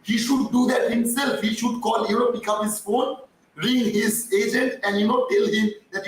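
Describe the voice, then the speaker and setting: A man hosting a casual live stream, his voice strained and croaking as he chats and reads out viewer comments. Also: sits high, normal speed, heavy reverb, recorded from a distance, a little hiss or hum, rough recording. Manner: chatty, reads viewer comments, many fillers and restarts.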